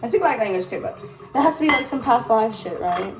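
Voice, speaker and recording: A woman's voice: fairly high pitch, animated, fast, background noise. Woman, playful, laughing, mixed partly British-sounding accent, roomy, a bit far from the mic. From Detroit. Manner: playful, laughs often, switches into French. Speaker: vlogger. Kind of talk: casual chat while working.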